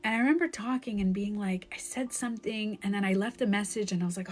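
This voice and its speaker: A woman's voice: medium pitch, quick pace, darkish tone, soft background music. A woman life coach in her thirties, telling a candid, emotional story in a phone live-stream monologue, with lots of "like.".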